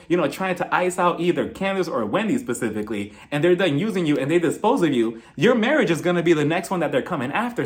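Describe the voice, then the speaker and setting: Male recap vlogger, gossipy and animated, bright lively delivery. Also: on the high side. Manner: chatty and gossipy, quick impressions of cast members, laughs often. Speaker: reality TV recap host. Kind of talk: casual recap vlog.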